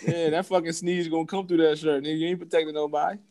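A man's voice: fairly high pitch, little pitch movement, fast talker, darkish tone. A man, co-hosting a podcast in a blunt, profane, joking way. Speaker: podcast co-host. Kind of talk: casual podcast chat.

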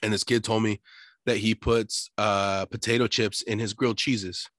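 A young adult man in casual chat, laughing often and telling stories with lively quoted voices. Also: fairly low pitch, moderate pace, no echo, clean studio sound.

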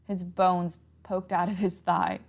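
Low, gravelly woman storyteller, hushed horror narration. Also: very animated, takes it slowly.

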